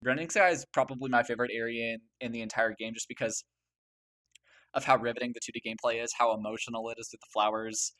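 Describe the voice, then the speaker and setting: A young man hosting a video that ranks a game soundtrack gushes over the music in casual commentary, stammering, restarting, and using lots of fillers. His voice is medium-pitched and sharp, fairly even in intonation, with a quick pace.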